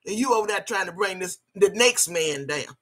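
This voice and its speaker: A woman's voice: mid-range voice, expressive, moderate pace, a bit bright. An older woman ranting on camera in heated, scolding commentary, cursing freely and repeating her phrases for emphasis. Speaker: video blogger.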